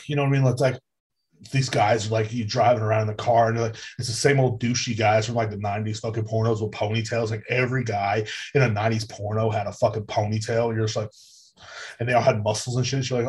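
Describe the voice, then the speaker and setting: A man hosting a podcast, ranting with loud, profane exasperation in a comedic monologue. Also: fairly low pitch, fairly even intonation, fast talker, husky. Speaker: podcast host. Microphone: podcast mic.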